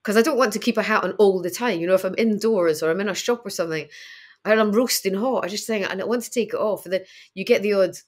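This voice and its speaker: A woman's voice: mid-range voice, quick pace. A woman in her fifties with a Scottish accent, chatting as an interview guest and laughing often. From Scotland. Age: 50s. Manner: chatty, laughing, acts out quoted voices. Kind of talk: casual interview chat.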